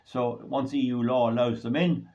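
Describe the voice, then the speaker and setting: A mid-range male voice with fairly even intonation, a moderate pace and a slightly mellow quality. He's an Irish man hosting his own commentary channel, delivering a rambling, indignant solo monologue that grows heated. The recording is dull and lo-fi.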